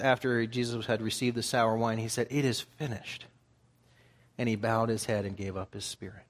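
A man preaching a sermon, reading scripture aloud and explaining it in plain, conversational terms. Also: mid-range voice.

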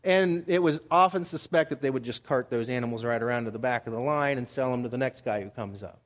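A man's voice: mid-range voice, fairly quick. A man preaching a Bible study sermon in a conversational way, acting out the people he quotes with rising emphasis. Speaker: pastor.

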